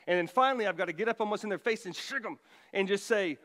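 A middle-aged man preaching a sermon as pastor, emphatic, his voice rising loud for quoted commands. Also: high-pitched, fast, in a large hall, background noise.

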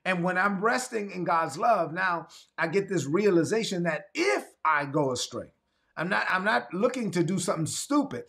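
A man's voice: sits high, very animated, normal speed, creaky, fairly bright tone. A man from Brooklyn preaching an emphatic livestreamed sermon, repeating refrains and asking viewers to write in the chat. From Brooklyn, New York. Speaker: pastor.

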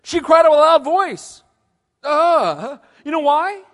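A male pastor preaching an animated sermon in a church hall and questioning his audience. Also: very high-pitched, a little slow.

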